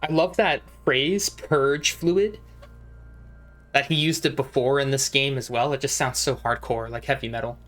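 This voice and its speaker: A man's voice: mid-range voice, steady tone, a little fast, hardly any pauses, a bit bright. A man giving casual let's play commentary, with amused, wry asides while reading the game aloud. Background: faint game music.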